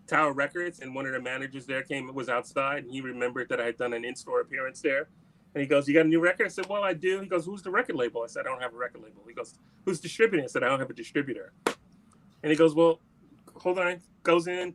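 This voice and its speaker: A man in an interview, telling a long story in a casual way and acting out the lines of the people in it. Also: mid-range voice. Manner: animated anecdote-telling, acts out quoted dialogue. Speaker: musician guest.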